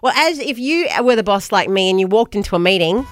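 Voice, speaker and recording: A woman with an Australian accent co-hosting breakfast radio, playful and quick to laugh, speaking from a studio microphone. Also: medium pitch, lively intonation, music in the background. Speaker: radio co-host.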